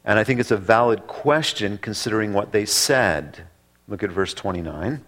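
A man preaching a sermon that works through a passage, speaking deliberately with drawn-out pauses and emphatic repetition. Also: on the low side, fairly bright tone. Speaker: pastor. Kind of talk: expository sermon.

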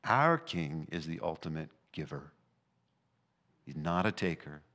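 A man preaching a sermon, emphatic, rising high and loud in places and dropping low and quiet in others. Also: very animated, unhurried. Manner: emphatic preaching, rising and falling in pitch and volume. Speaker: pastor.

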